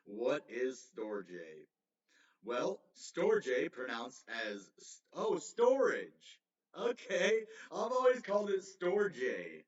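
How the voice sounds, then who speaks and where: A man's voice: a little high, big pitch swings, takes it slowly. A man hosting a casual crypto livestream, rambling and correcting himself, with frequent chuckles. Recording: roomy, distant, slightly dull mic.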